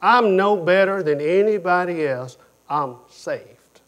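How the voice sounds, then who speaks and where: Preaching slowly in a high voice, this man tells lively stories during his sermon. He frequently repeats phrases, alternating forceful, loud moments with softer passages.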